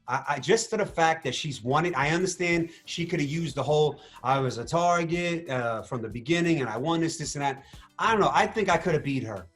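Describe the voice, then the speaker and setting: A man talks through his story in a casual interview, voice a bit higher than most men's. He gets animated, acting out what he said and thought. Faint music plays underneath. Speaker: reality show contestant interviewed.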